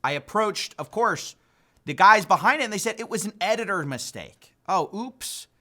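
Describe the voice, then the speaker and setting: A man's voice: sits high, expressive, moderate pace, pushed and bright. A man hosting an online commentary video, talking in a sarcastic, mocking way and sounding incredulous. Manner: incredulous, mocking, laughs at the news.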